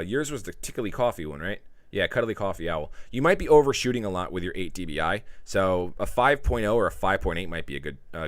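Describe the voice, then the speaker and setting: Man, stream host, low voice, loose chatty delivery, dry close mic. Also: fairly bright tone, no echo. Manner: loose and chatty, reads out viewer chat. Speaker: livestream host. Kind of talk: casual livestream chat.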